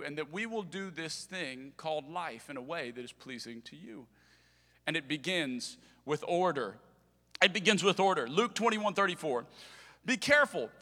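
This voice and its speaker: Pastor preaching, kinda high bright voice, big echoey church hall, funny storytelling. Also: male voice. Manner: storytelling with humor, animated swings in loudness. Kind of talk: sermon. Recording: large hall with long reverb.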